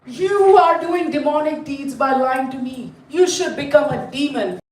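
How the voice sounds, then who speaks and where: A woman's voice: high voice, a little slow, darkish tone. A woman voicing an angry, commanding goddess-queen who scolds. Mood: scolding. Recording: roomy, mic at a distance.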